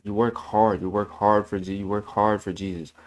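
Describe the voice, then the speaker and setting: The speaker is a channel host whose man's voice is on the low side, level in tone, and moderately paced. In a casual, earnest talk about faith, he repeats himself, corrects his own slips, sounds preachy, and uses fillers such as "man."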